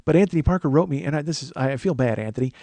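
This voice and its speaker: A man's voice: fairly high pitch, expressive, rapid-fire, gravelly, warm tone, no echo. A man in his forties hosting a comedy podcast, rambling, self-mocking and crude in casual chat. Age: 40s. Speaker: podcast host.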